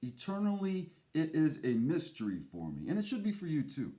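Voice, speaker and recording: A man with a slightly high voice rambles through an erratic comic monologue as host. His pitch swings widely, he swears freely, and his delivery turns theatrical. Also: huge pitch swings, normal speed, mellow.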